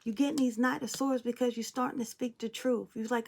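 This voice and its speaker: Gravelly-voiced woman preaching over tarot cards. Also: fairly high pitch, steady tone, brisk. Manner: preachy, blunt and emphatic, addressing viewers directly; swears casually. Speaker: tarot reader. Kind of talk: spiritual tarot reading monologue.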